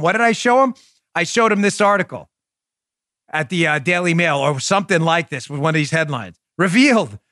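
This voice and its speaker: A man hosting his own show, talking in a combative, emphatic opinion monologue and slowing down hard on his punchlines. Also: high voice, sharp tone, dry recording, studio quality. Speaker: podcast host.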